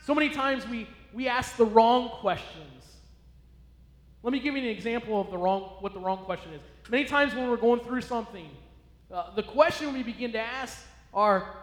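A man's voice: sits high, moderate pace. A male pastor preaching a sermon in a church, emphatic and repetitive, encouraging his listeners. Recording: echoey hall.

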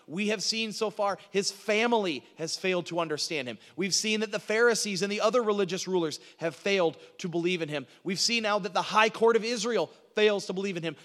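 A man's voice: sits high, a bit bright. A man preaching an expository sermon who drives points home with repetition and often restarts his words. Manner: emphatic repetition, frequent stuttered restarts. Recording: long hall reverb.

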